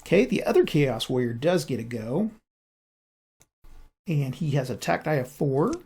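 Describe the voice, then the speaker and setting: A man's voice: medium pitch, big pitch swings, gravelly, a little mellow, slightly rough. A man narrating his own solo board game playthrough, thinking aloud as he rolls dice and moves pieces. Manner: unhurried, thinking aloud while rolling dice. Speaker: board game channel host.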